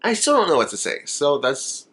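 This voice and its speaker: A man's voice: on the high side, wildly swooping pitch, moderate pace, a bit bright, husky. A young man chatting to camera in a makeup vlog, rambling, emotional and laughing often. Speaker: makeup vlogger. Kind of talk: casual chat to camera.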